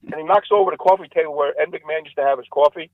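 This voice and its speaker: A man, a comedian guest, telling jokes in a rambling, animated way. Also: fairly high pitch, rapid-fire, no room sound, narrow, tinny audio. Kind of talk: casual storytelling interview.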